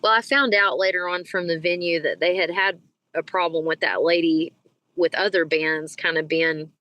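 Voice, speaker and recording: A woman, a singer and podcast guest, telling stories in a casual, animated way and acting out the people she quotes. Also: lowish voice, moderate pace, no room sound, rough recording. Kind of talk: casual storytelling in an interview.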